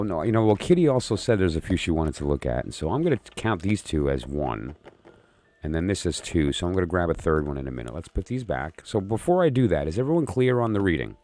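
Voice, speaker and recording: Low and warm-toned, a man hosts a late-night live stream of oracle readings. He rambles and jokes as he talks with his viewers in casual live-stream chat.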